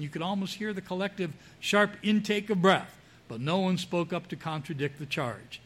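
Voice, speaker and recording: A male preacher working through a passage of scripture in a sermon. His voice sits a little high for a man. He reads each verse aloud and then stops to explain it. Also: a little fast.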